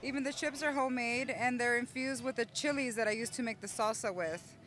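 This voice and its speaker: Bright high woman selling salsa. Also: fairly quick, a little hiss or hum. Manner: cheerful, laughs between lines. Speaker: food vendor. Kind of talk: casual pitch to customer. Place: outdoor market stall.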